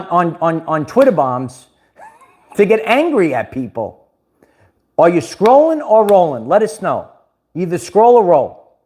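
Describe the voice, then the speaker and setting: A man's voice: high voice, big pitch swings, measured pace, darkish tone, breathy edge. A man hosting a casual livestream, rambling, restarting words and laughing often. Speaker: livestream host.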